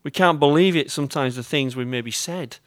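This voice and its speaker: An English man preaching a sermon, with a voice pitched a little high for a man. He speaks to his congregation directly and tells stories in a chatty way, with humour aimed at himself. The recording is dry, with no room echo. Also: moderate pace, fairly bright tone. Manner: chatty storytelling with self-mocking humour. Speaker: pastor.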